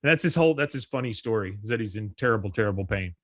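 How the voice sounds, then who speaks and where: A man's voice: fairly low pitch, expressive, fast talker, no room sound, studio quality. A man hosting a podcast, animatedly recapping a cartoon episode and quoting its characters with laughs. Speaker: podcast host.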